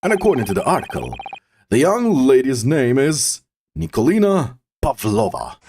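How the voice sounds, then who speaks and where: A man with a Russian accent reading the lines of a pompous, eccentric male detective in a theatrical, drawn-out way, with game music behind. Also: mid-range voice, huge pitch swings, a little mellow, slight background noise. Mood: grandiose.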